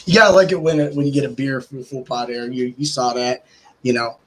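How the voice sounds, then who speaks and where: A man hosting a podcast, ranting casually and swearing, his pitch jumping up when he gets worked up. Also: fairly even intonation, brisk, fairly bright tone, slight background noise, rough recording. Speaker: podcast host.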